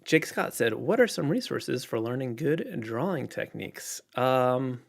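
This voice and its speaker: A man chatting casually on a livestream, reading out viewer questions and answering in a relaxed, rambling way with lots of fillers. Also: medium pitch, measured pace, gravelly. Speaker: illustrator livestreaming.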